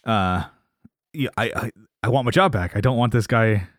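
Recapping a sitcom episode on a casual podcast, this co-host acts out the characters' lines with animated, laughing retellings. He speaks at a moderate pace in a fairly low voice, captured in a dry, studio-quality recording.

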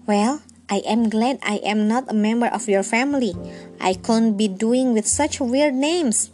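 A woman's voice: on the high side, a little slow, darkish tone, soft background music, natural voice. A woman voicing a kindly, trusting female mouse in a bedtime story, speaking in a prim, questioning way. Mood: cross.

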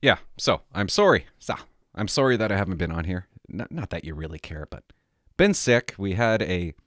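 A man's voice: sits low, big pitch swings, moderate pace, fairly bright tone, no room sound, studio quality. A middle-aged man vlogging, telling rambling stories in casual chat with many restarts.

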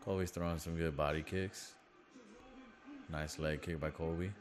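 Deep-voiced man casually calling a fight. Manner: excitable, swears casually, quick exclamations. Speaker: fight watch-along commentator. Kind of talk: casual live fight commentary.

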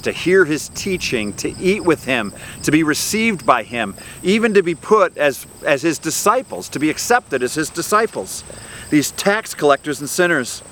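A middle-aged man, a pastor, preaching a sermon and telling a personal story in an earnest way, often pausing on fillers and restarts. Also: on the high side, fairly bright tone, a little hiss or hum.

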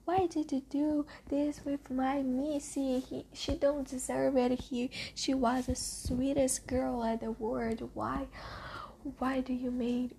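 A woman's voice: sits high, level tone, slow pace, gravelly, warm tone, slight background noise, heavily acted. A woman voicing a grieving man who cries out to God with anguished, pleading questions.

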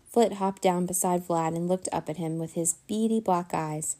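A woman reading a children's chapter book aloud in a gentle, even storytelling manner. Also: on the low side, moderate pace. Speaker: storybook reader.

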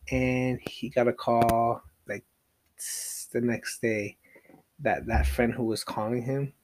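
A man's voice: fairly low pitch, vocal fry, darkish tone, dry recording. A man hosting a casual solo podcast, rambling with lots of fillers, restarts and casual swearing. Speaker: podcast host.

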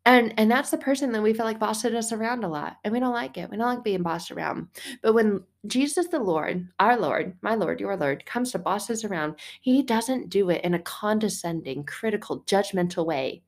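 A middle-aged woman hosting a casual faith podcast, chatty and animated, laughing now and then, swearing at times and acting out little quotes. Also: medium pitch, moderate pace, vocal fry. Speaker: podcast host.

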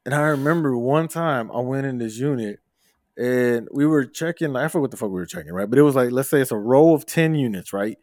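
A man's voice: mid-range voice, brisk, no echo. Male podcast co-host, casual swearing storyteller, mid-range voice, dry close sound. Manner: profane, animated storyteller. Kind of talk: casual chat.

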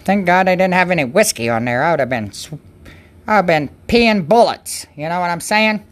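A woman with a lowish voice rambles through a casual devotional chat on a stream. She keeps breaking off and restarting her sentences in a chatty, loose way. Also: animated, a little fast. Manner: rambling, self-interrupting, chatty. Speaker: host of a Christian livestream.

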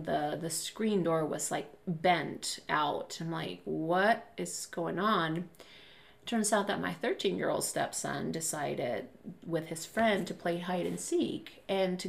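A woman in her thirties, hosting a casual chat and telling animated family stories while laughing often. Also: fairly low pitch, gravelly. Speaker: podcast host.

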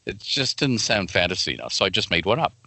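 A man being interviewed as a fantasy game writer, telling stories in an animated way and laughing often. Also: low-pitched, quick pace, creaky, no echo. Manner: animated, laughing often, jumps into quoted voices. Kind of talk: casual interview chat with storytelling.

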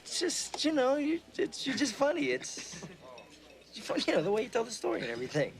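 An actor playing a nervous young gangster who stammers while trying to placate a friend. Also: male voice, very high-pitched, huge pitch swings, a little fast, crowd noise, exaggerated voice. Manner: hesitant, stammering. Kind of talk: film dialogue.

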